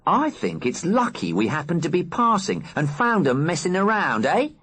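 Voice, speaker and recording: A big, sneering workman taunts with mocking asides, as a male narrator puts him on. The voice is husky and lively in pitch, pushed a little higher than the reader's own. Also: moderate pace, exaggerated voice. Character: sneering burly male bulldozer driver.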